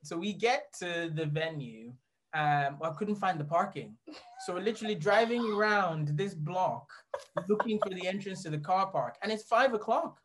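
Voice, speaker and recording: A man telling a story as a guest in a casual chat, rambling and animated, often laughing as he talks. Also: sits high, normal speed, noisy background.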